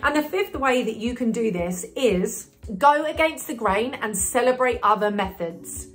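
A woman's voice: on the high side, animated, unhurried, fairly bright tone, soft background music. Chatty woman coaching on marketing. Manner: chatty, upbeat, many fillers and restarts. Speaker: business coach. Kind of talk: talking-head marketing advice video.

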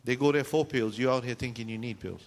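A man preaching a sermon to a congregation in a church, animated and full of rhetorical questions, sometimes acting out shouting voices. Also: mid-range voice, quick pace. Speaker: pastor. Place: church sanctuary. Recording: long hall reverb in a church.

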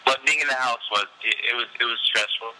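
A man's voice: medium pitch, fast, pushed and bright, rough recording. A professional fighter being interviewed, a man telling his story candidly and casually, with loose fillers and frequent laughs.

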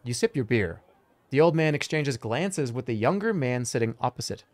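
A man's voice: mid-range voice, moderate pace. A man streaming, reading a fantasy gamebook aloud with joking asides and laughter. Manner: animated, joking, laughs between lines.

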